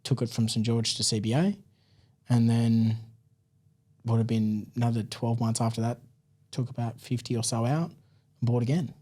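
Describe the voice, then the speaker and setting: An Australian man telling his story as a podcast guest, chatty and relaxed, with plenty of "like" and "man" in his talk. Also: mid-range voice, normal speed, long pauses. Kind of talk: casual interview storytelling.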